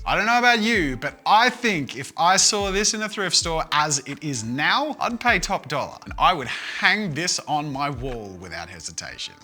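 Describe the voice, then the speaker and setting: Bright, lively man in his thirties. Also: mid-range voice. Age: 30s. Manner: energetic, enthusiastic and chatty. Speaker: art YouTuber. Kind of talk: narrated painting vlog. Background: music.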